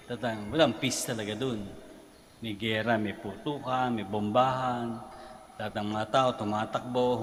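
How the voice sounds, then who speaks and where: A Filipino-accented man gives a homily at morning Mass, speaking in a mid-range voice and talking through rhetorical questions in an easy, conversational preaching manner. His words ring out with a long church reverb, and a faint hiss sits under the recording. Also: medium pitch. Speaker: priest. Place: large church basilica.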